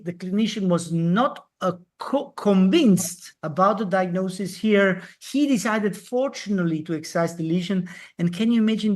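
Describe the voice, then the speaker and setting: Halting lecturer on a video call. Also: medium pitch, darkish tone. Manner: halting, many fillers, tag questions like "eh?". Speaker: dermatology lecturer. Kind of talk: live online lecture.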